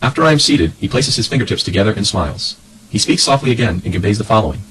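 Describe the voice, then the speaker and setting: A man reading an expedition diary as scripted narration, brisk and matter-of-fact. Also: lowish voice, animated, a bit bright, a little hiss or hum, rough recording.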